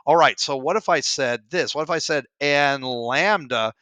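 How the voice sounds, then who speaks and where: Middle-aged male teacher at home, wry, complaining solo walkthrough, crisp clear tone. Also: fairly high pitch, normal speed, bright, forceful tone, no room sound. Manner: grumbling, self-deprecating, wry asides. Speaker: physics teacher working exam problems. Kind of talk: casual solo problem walkthrough. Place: home room.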